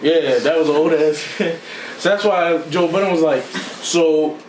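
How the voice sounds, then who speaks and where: A man chats on a podcast and acts out every quote, jumping in pitch whenever he plays someone else. His voice sits a little high. He sounds distant in a roomy space, with faint hiss behind. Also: normal speed. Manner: animated storytelling, acts out quotes with sudden pitch jumps. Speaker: podcast co-host. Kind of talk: casual chat.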